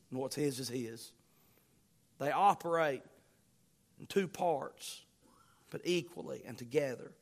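A male pastor preaching a sermon, quoting scripture in old-fashioned wording and repeating lines with swelling emphasis. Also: a little high. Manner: quotes scripture in King James wording.

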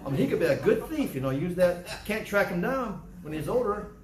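Very animated and a little fast, an older pastor's high voice fills a roomy church as he preaches with emphasis and repetition, performing the excuses his congregants make.

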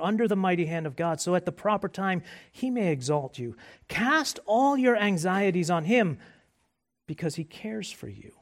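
A man preaching a sermon as pastor, conversational and joking, moving between quiet asides and loud emphasis. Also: sits high. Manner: conversational and self-deprecating humor.

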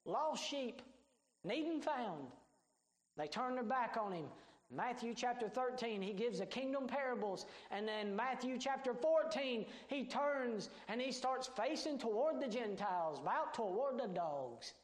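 A man's voice: very high-pitched, lively intonation, unhurried. Male pastor, plain-spoken sermon, emphatic, roomy echo. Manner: emphatic, swinging between shouts and hushed tones.

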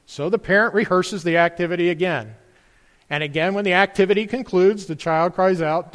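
Man preaching in church; earnest, questioning delivery, high-pitched, ringing reverb. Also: moderate pace. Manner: earnest, rhetorical questions to the congregation. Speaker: pastor. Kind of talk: sermon.

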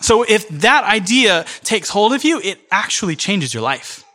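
Bright-voiced male preacher, emphatic. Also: high-pitched, big pitch swings. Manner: earnest, emphatic preaching with quick bursts and pauses. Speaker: pastor. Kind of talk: sermon. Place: church in New York City.

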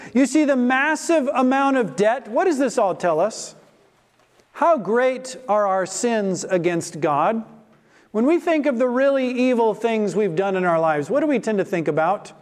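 High-voiced preacher in a reverberant hall. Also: male voice, a little mellow. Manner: rhetorical questions, rising emphatic delivery. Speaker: pastor. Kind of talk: sermon.

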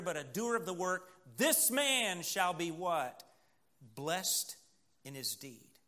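Male pastor, sermon delivery, high pitch, call-and-response pauses. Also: expressive, sharp tone.

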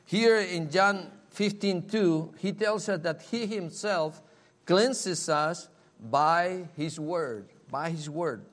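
A man preaching a sermon in a slow, earnest way, often repeating key phrases. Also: fairly high pitch, fairly bright tone.

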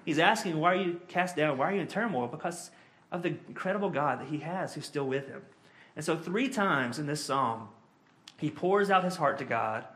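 A man preaching a sermon as pastor, earnest, reading scripture slowly and talking it through with frequent fillers. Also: on the high side, pushed and bright.

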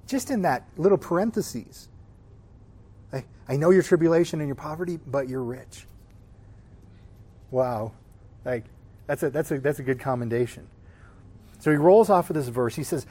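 A man with a slightly high voice leads a Sunday school class through a Bible passage. He talks loosely and informally, often turning to the class with a quick "right?". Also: darkish tone. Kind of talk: conversational Bible teaching.

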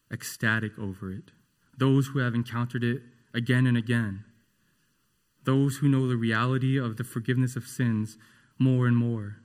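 A man delivers a sermon at an unhurried, deliberate pace. His voice sits at an ordinary middle pitch, and his manner is earnest and emphatic, leaning on each phrase. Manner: slow, earnest, emphatic preaching. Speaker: preacher.

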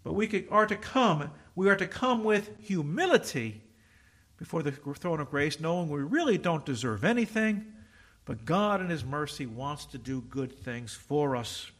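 A man preaching a sermon as pastor, reading scripture aloud, with loud emphatic rises and quiet asides. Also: on the high side, expressive, moderate pace. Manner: reads scripture in King James wording.

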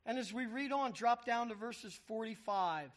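High-voiced preaching man. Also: moderate pace. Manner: reads scripture aloud, acts out the voices with emphasis. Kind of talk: sermon.

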